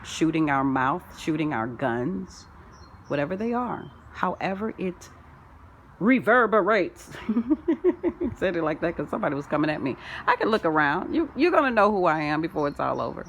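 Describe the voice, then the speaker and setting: A woman delivering a rambling spiritual monologue, full of wordplay and sing-song turns, swinging from loud declarations to soft asides. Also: deep voice, sing-song, normal speed, a little hiss or hum. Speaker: spiritual self-help vlogger. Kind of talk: rambling spoken-word monologue.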